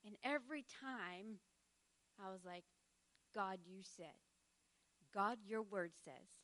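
Bright-voiced woman teaching in church. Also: medium pitch, slow. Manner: laughs often, conversational and heartfelt.

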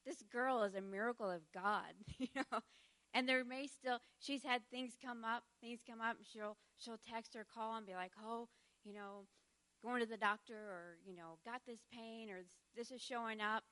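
A woman's voice: fairly high pitch, moderate pace, a bit bright. A middle-aged woman teaching in church, conversational and heartfelt, laughing often between thoughts.

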